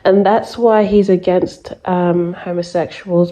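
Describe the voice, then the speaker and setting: A woman's voice: mid-range voice, fairly even intonation, normal speed, warm tone, dull audio. A woman giving spiritual messages in a chatty, emphatic monologue full of fillers. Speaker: spiritual reader. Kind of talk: casual monologue to camera.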